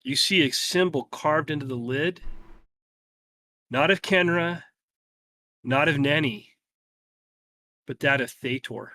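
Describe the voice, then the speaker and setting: A man narrating a tabletop game as game master, telling the scene slowly and dramatically. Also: fairly high pitch, sharp tone, dry recording. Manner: slow, dramatic storytelling.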